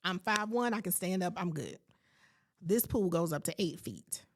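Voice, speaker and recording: A woman's voice: on the low side, lively intonation, normal speed. A woman in her late forties hosting a podcast, telling a personal story with faith-filled asides and acting out her own reactions. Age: late 40s. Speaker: podcast host.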